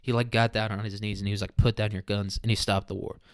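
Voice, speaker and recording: A man's voice: on the low side, little pitch movement, fast talker, clean tone, no echo, clean studio sound. A young man hosting a casual solo podcast, rambling, profane and jokey. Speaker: podcast host.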